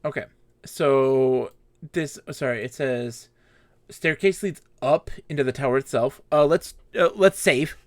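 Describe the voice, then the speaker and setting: A man's voice: mid-range voice, measured pace, dry recording. A man co-hosting a game stream, playfully calling out moves and reading chat. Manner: playful, bursts into silly voices. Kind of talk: casual co-op gaming chat.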